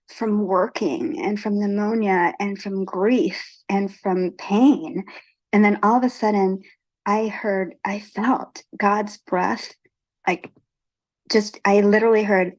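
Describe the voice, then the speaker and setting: Halting, earnest woman sharing a testimony. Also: medium pitch, fairly even intonation, a little mellow. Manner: halting, earnest, many restarts. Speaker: retreat guest speaker. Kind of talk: personal spiritual testimony.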